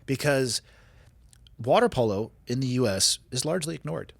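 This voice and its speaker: Profane blunt guy in his 40s hosting a podcast, mid pitch, dry close mic. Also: expressive, moderate pace, gravelly, slightly rough, no room sound. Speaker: podcast host. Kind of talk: casual podcast chat.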